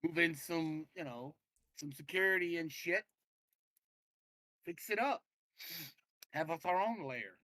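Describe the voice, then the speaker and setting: A woman player teases her companions at the game table. Her voice is bright and swings widely in pitch. The sound is dry and close. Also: a little slow, long pauses, no echo, low-quality recording. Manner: sassy, teasing, animated.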